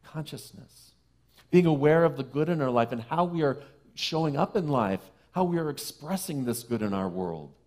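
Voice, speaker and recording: A man preaching a sermon to a congregation in a conversational way, with playful asides, who slows and softens for key phrases. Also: fairly high pitch, expressive. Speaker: minister. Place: church sanctuary.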